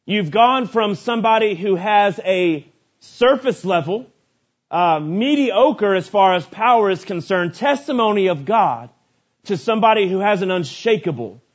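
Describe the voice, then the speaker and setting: A man preaches a sermon in a notably high voice. He swings from rising, shouted lists to quiet, low asides. The recording sounds dull and lo-fi. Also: expressive, unhurried.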